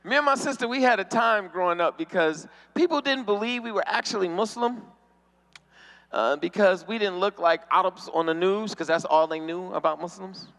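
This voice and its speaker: A man's voice: sits high, normal speed, fairly bright tone, big-room sound. A man doing a stand-up comedy routine, acting out the voices of people in his stories. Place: convention hall stage.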